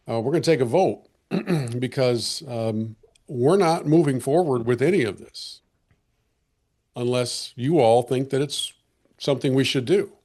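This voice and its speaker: A man hosting a podcast conversation, earnest and reflective, often restarting his sentences, and slightly hoarse as he loses his voice. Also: mid-range voice, darkish tone. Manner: earnest, with frequent restarts and fillers. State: losing his voice. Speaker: podcast host.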